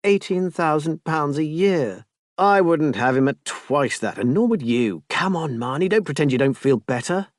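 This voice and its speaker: A man voicing a blunt, loyal young man in an audiobook, in a dry, low-key manner with coarse banter. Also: expressive, moderate pace, no echo, natural voice. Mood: gleeful. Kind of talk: audiobook character voice.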